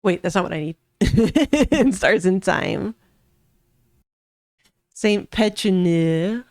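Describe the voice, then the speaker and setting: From her home streaming setup, a woman plays a video game, reading its dialogue aloud and joking around playfully with giggles and jokey asides in casual let's-play commentary. Her medium-pitched voice is expressive, slow and darkish in tone. The recording is dry, with clean studio sound.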